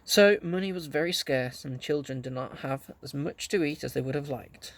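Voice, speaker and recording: Man, audiobook reader, gravelly voice, fairly high, children's story narration. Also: moderate pace. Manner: gentle storytelling, voicing characters lightly.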